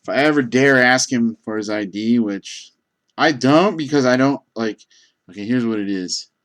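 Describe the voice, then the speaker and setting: A gas station clerk tells rambling, casual stories full of fillers and restarts. His voice is medium-pitched and a bit bright, and he speaks at a moderate pace.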